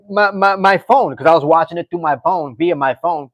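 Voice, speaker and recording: A man's voice: fairly high pitch, brisk, hardly any pauses, dry recording. A man hosting a casual livestream, rambling through fight picks and reading chat comments aloud, often repeating himself. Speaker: livestream host.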